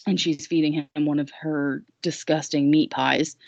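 A woman's voice: sits low, fairly even intonation, measured pace, gravelly, darkish tone, no echo. A woman recapping a story in a casual podcast chat, rambling and jokey with lots of fillers, in a dull lo-fi recording. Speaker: guest recapping a musical.

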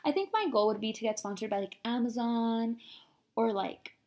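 A woman's voice: fairly high pitch, moderate pace, darkish tone. A young woman in her twenties hosting a podcast, chatting in an upbeat, casual way and using "like" a lot. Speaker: podcast host.

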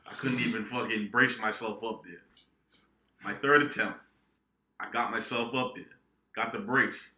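A young man co-hosting a podcast, telling a profane, animated story among friends. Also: lowish voice, unhurried, long pauses. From New England, United States. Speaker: podcast co-host. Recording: echoey room.

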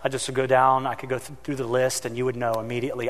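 A man's voice: mid-range voice, quick pace, hardly any pauses, big-room sound. A man preaching a sermon as pastor, telling stories animatedly and acting out the voices in them. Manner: animated storytelling, acting out his own shouting.

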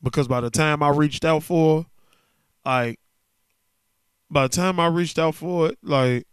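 A man's voice: fairly high pitch, unhurried, smooth, dry recording, clean studio sound. A man hosting a solo podcast, talking candidly and loosely in a casual, slangy way while sounding emotionally worn down. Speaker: podcast host.

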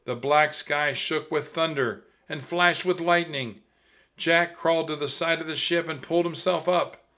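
A man reads a children's adventure story aloud at a slow, deliberate pace. His voice is bright and expressive, and he speaks straight to the kids listening. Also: on the high side. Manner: expressive, addresses kids directly. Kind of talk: reading a children's book aloud.

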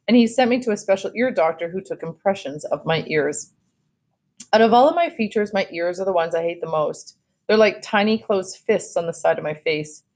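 A woman teacher reading a novel aloud to her class, with short explanations between passages. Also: lowish voice. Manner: explanatory, steady read-aloud.

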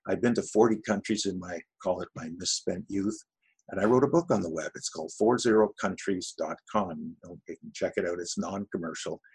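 Gravelly low-voiced man, relaxed and wry. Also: brisk, rough recording. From Canada, Ottawa area. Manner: relaxed, anecdotal, wry humor. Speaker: voice actor guest. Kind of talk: casual interview talk.

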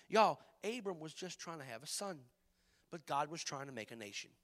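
A man preaching a sermon as pastor, passionate, swinging between loud emphatic lines and hushed ones. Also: a little high, animated, moderate pace.

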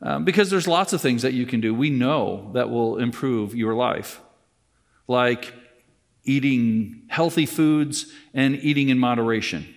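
A pastor giving a conversational sermon with wry asides, repeating key lines for emphasis. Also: male voice, medium pitch. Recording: long reverb from the hall.

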